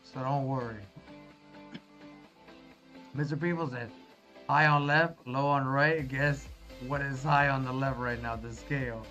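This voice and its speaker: A man's voice: medium pitch, fairly even intonation, a little slow, pauses often, pushed and bright. A man streaming live, reading viewer chat in a casual, reassuring way and calling everyone brother. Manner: laid-back, reassuring, calls viewers brother. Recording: dull lo-fi stream audio with faint music.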